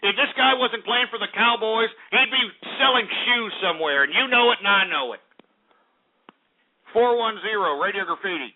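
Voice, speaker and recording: A man's voice: high voice, lively intonation, moderate pace. A male radio host ranting and swearing at callers on a call-in show. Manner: angry, insulting, swears at callers. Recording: phone-like lo-fi radio.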